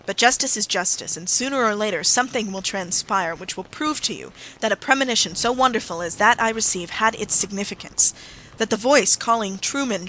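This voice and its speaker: A bitter, earnest Victorian secretary, read out by an audiobook narrator, speaking with solemn intensity in a bright, forceful tone. A faint hiss of noise sits under the voice. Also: medium pitch, close to an everyday voice, poor audio. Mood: intense. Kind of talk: audiobook character reading.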